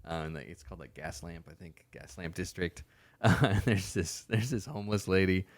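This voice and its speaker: A man's voice: low-pitched, a little fast. A young adult man chatting casually on a podcast, laid-back and swearing freely, modest about himself. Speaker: podcast co-host. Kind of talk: casual chat.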